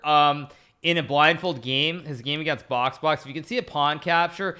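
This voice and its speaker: Bright-voiced man rambling through chess commentary. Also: a little high, normal speed, clear, resonant tone. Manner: chatty, rambling, repeats phrases; thanks viewers for subscriptions between moves. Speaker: chess streamer analyzing games. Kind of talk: casual live-stream commentary.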